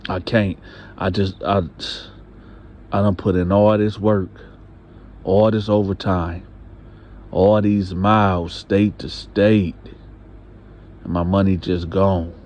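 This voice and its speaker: A man playing a heartbroken trucker husband, pleading in halting words. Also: low voice, little pitch movement, darkish tone. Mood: pleading, despairing.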